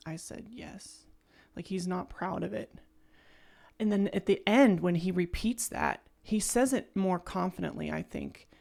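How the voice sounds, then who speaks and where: A woman reacts to music on her own channel in an unhurried, soft-spoken way. Her voice sits a little low and has a gravelly edge. She gushes with praise, trailing off and restarting her thoughts as she goes. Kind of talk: casual first-listen album reaction.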